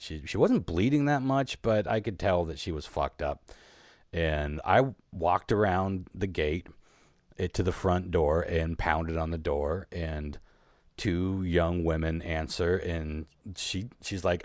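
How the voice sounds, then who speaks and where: A man's voice: deep voice, normal speed, a little mellow, no echo. A man co-hosting a podcast, telling a long story in a rambling, profane, casual way and laughing as he goes. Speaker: podcast co-host.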